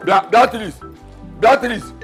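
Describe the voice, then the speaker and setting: An actor with a Nigerian accent playing a blunt, mocking middle-aged father who talks loudly and repeats himself. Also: sits high, takes it slowly, over music. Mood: demanding. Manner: mocking, loud, repetitive.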